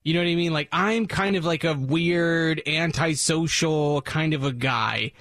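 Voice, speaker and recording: A man's voice: fairly high pitch, measured pace, fairly bright tone, no room sound, clean studio sound. A man hosting a radio show, telling a long self-deprecating story in casual banter. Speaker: radio host.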